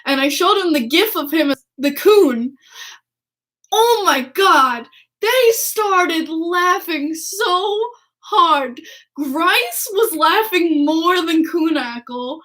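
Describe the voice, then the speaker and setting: A woman hosting a podcast, telling a story in a gushing, excitable way, laughing a lot and swearing freely. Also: extremely high pitch, takes it slowly. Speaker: podcast host. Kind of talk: casual storytelling chat.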